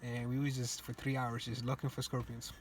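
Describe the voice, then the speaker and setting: A man's voice: medium pitch, monotone, fairly quick, a little hiss or hum. A young man from Cape Verde telling a personal story, earnest and reflective, with loose casual grammar. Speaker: student speaker.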